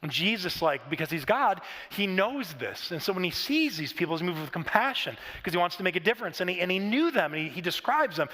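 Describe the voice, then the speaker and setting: A man's voice: high voice, very animated, fast, hardly any pauses, sharp tone, in a large hall. A middle-aged man preaching a sermon in a conversational, storytelling way with frequent restarts and asides. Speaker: pastor. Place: large church auditorium.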